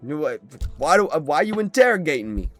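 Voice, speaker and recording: A man's voice: fairly high pitch, animated, moderate pace, soft background music, pitched above the performer's own voice, close to an everyday voice. A man doing a fat, jumpy rat boss. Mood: defensive. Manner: stammering, evasive protests. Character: fat male rat casino owner, jumpy and defensive.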